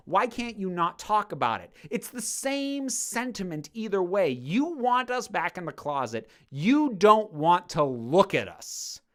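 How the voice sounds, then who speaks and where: A woman speaking straight to camera, answering viewer questions in a loose, conversational way. Her pitch moves a great deal from line to line. She grows heated as she talks and swears freely. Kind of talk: casual Q&A monologue.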